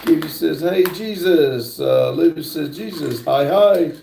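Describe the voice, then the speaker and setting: A middle-aged man talks slowly through a casual livestream, reading chat aloud with plenty of "uh"s. His voice is gravelly and mellow. The room is echoey. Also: a little high, slight background noise. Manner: slow, drawling, reads chat aloud with many fillers. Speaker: livestream host.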